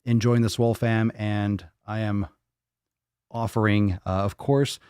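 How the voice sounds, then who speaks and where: A man hosting a casual livestream podcast from his home podcast room, loud, joking and profane, cooing at his cat between bits. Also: on the low side, steady tone, unhurried, clean tone, no room sound, studio quality. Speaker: podcast host.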